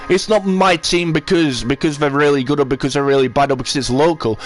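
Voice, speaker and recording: A man with a Sheffield accent, a livestreamer ranting at his chat, swearing and repeating himself. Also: fairly high pitch. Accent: Sheffield English. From Sheffield, England. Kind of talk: angry rant to live chat.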